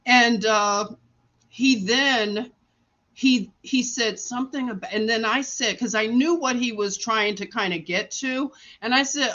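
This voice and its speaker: Slow, chatty woman live-streaming from a hospital. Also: a little high, animated, fairly bright tone, muffled recording. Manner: chatty, laughs often, acts out quotes. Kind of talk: casual live-stream storytelling. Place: hospital room.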